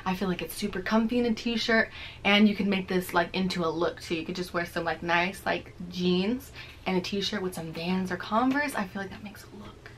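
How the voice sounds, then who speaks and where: A woman's voice: fairly low pitch, normal speed, a little hiss or hum. A young woman talking casually and chattily through a clothing try-on haul, rambling and teasing herself, a little out of breath. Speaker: fashion vlogger.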